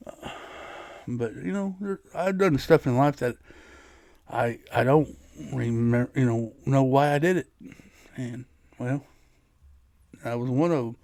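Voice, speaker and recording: A man's voice: mid-range voice, a little slow, pauses often, darkish tone, dry recording. A man hosting his own podcast, telling a personal story in a casual, rambling way, often restarting his sentences. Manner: rambling, frequent restarts and laughs. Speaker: podcast host.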